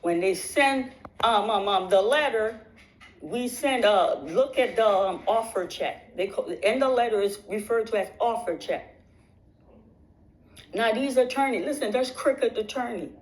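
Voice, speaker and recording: A woman's voice: on the high side, expressive, measured pace, rough recording. A woman vlogger telling her viewers a long personal story in casual talk. She keeps repeating phrases for emphasis and restarts her sentences.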